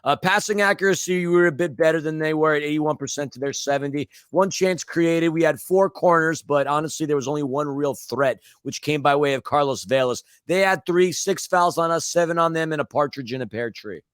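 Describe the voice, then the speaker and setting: Podcast co-host, man, slightly high voice, blunt sarcastic soccer recap, dry close mic. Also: fairly quick, few pauses, a bit bright, smooth, no room sound. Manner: blunt, ranting, sarcastic asides. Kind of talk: casual soccer recap chat.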